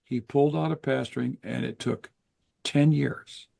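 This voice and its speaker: Older man, gravelly voice, earnest and measured, interview guest. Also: medium pitch, fairly even intonation, warm tone. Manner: earnest, explanatory, measured with pauses. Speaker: guest author. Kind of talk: interview conversation.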